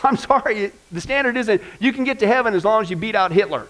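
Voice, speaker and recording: A man teaching a Bible class in an informal style, animated and joking with vivid asides, speaking into a microphone. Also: high voice, fast talker, low-quality recording.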